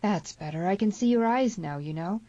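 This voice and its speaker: A woman's voice: medium pitch, animated, normal speed, dark tone, dry recording, voice pushed up, close to an everyday voice. A woman narrator reading a grave, stern young frontier man. He speaks gloomily and seriously. The storybook recording is dry and a little dull.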